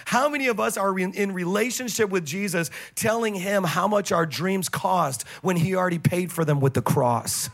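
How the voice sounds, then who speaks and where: A man with a notably high voice preaches from the pulpit. He keeps the sermon lively and jokes with the congregation as he goes. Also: moderate pace, vocal fry, few pauses. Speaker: pastor.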